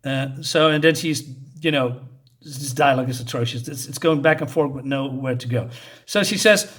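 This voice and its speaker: A man's voice: mid-range voice, moderate pace, a bit bright. A man hosting his own channel, reviewing a comic in an exasperated, profane and mocking rant. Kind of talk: casual ranting review.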